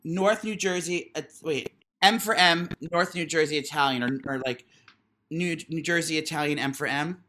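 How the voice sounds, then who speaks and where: A man's voice: on the high side, moderate pace, pushed and bright, slight background noise. A young man co-hosting a podcast, telling a rambling story with stutters and restarts. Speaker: podcast co-host. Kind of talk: casual storytelling chat.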